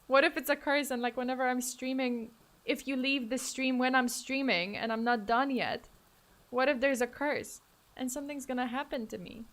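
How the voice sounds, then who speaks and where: Her voice sits high with a fairly bright tone and moderate pace as she streams. Playful and mock-dramatic, this woman chats casually with viewers and laughs frequently.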